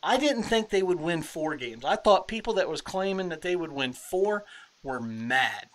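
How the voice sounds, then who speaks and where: A man co-hosting a live sports talk stream, talking haltingly and restarting his sentences. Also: on the high side, animated, rough recording. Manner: halting, repeats and restarts often. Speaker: sports show co-host.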